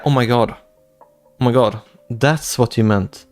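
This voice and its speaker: A young livestream host with a mid-range voice reads chat aloud at a measured pace. He rambles casually, repeating words and restarting sentences, while faint music plays in the background.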